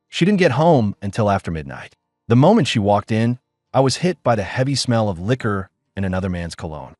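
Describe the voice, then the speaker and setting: A man's voice: on the low side, no room sound, clean studio sound. A man narrating a first-person audiobook drama in a weary, bitter tone.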